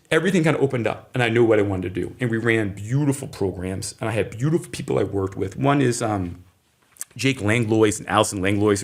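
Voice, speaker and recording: A middle-aged man from Maine, an interview guest, telling a personal story in a lively way and acting out the voices of people in it. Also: fairly low pitch, creaky, husky. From Maine, USA. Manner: animated storyteller who acts out quoted voices. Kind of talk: storytelling in conversation.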